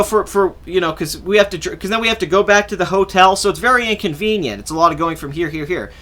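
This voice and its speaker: A man's voice: high voice, pushed and bright. A young adult man hosting a podcast, telling a long casual story in a rambling way, swearing freely and acting out what people said. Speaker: podcast host.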